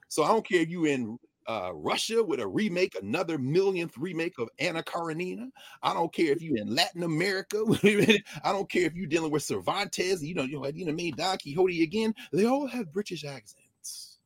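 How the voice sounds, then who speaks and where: A man talking in an animated, digressive way in a conversation, often jumping up and down in pitch. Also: husky, no echo. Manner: lively, digressive, quick shifts between high and low pitch. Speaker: guest.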